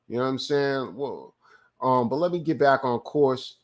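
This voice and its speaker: A male livestream host from California talks in a relaxed, profane way. He rambles through stories with restarts and reads viewers' chat messages aloud before answering them. His voice sits at an ordinary middle pitch. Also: moderate pace. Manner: profane, loose storytelling with restarts. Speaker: live show host. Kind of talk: casual livestream commentary.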